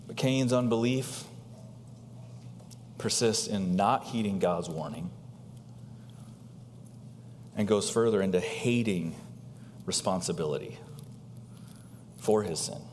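A man preaching a sermon as pastor, asking rhetorical questions and swinging between loud high emphasis and quiet low asides. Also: takes it slowly, pauses often, in a large hall, slight background noise.

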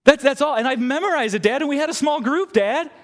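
A man's voice: very high voice, animated, fast talker, in a large hall, pitched above the performer's own voice. A man preacher voicing a young child who pleads to get out of cleaning his room, insistent and whining. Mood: pleading. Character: whiny young child dodging a chore.

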